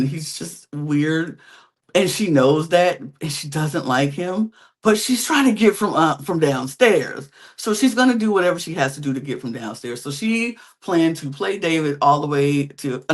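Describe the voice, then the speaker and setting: A woman hosting a podcast, telling a reality-show story in a lively, gossipy way. She talks casually and drops in slang as she goes. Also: low-pitched. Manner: animated, chatty storytelling with slangy quips. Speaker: podcast host.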